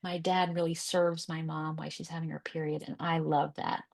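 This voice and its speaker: A woman guest in casual conversation, telling lively stories and acting out quoted voices. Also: sits low, moderate pace, gravelly, dry recording. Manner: animated storyteller, acts out quoted voices. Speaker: podcast guest.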